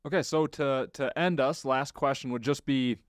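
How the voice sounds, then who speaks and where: A male podcast host who keeps his replies short and joking. His voice sits in a middle pitch. It is recorded dry and close. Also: normal speed, dry recording.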